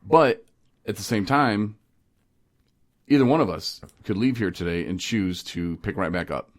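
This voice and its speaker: A man hosting a casual podcast, telling stories with animated energy, laughing often and slipping into voices. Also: fairly low pitch, measured pace. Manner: animated storyteller who laughs and slips into voices. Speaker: podcast host. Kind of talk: casual recovery podcast chat.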